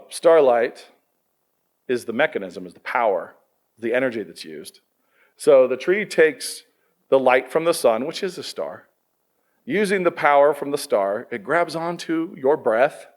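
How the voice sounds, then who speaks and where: A middle-aged man giving a conversational sermon to students, quizzing his listeners as he goes. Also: mid-range voice. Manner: lively, conversational, quizzes the audience. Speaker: pastor.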